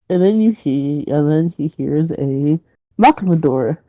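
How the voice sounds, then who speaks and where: A woman's voice: lowish voice, no echo, highs cut off. A woman narrating a tabletop game as game master, casual and rambling. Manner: casual, rambling, with fillers and laughs.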